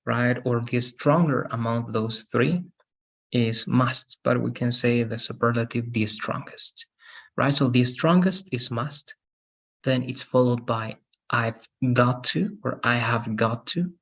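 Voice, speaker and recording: A man records an English grammar lesson for students who will watch later. His voice sits in an ordinary middle pitch. He explains carefully, restarts phrases and keeps checking understanding with quick tag questions. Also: a bit bright, slightly rough. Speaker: English teacher.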